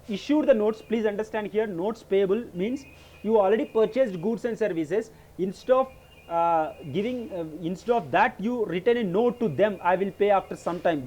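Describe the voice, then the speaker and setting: Brief: man with a high voice, patient teacher who repeats and corrects himself. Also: a little mellow. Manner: explanatory, repeats points, frequent self-corrections. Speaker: accounting teacher. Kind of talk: classroom lecture.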